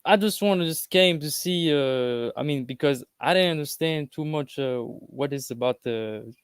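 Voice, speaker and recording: A man from France with a French accent and French as his first language, chatting as a fan on a video call in friendly, halting English. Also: a little high, clean tone, no echo. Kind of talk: casual conversation.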